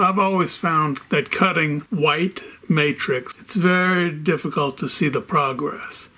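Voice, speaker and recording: A man hosting a casual how-to video, talking in a jokey, deliberate way. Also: fairly high pitch, steady tone, bright, forceful tone. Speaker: opal cutter and channel host. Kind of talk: casual instructional vlog.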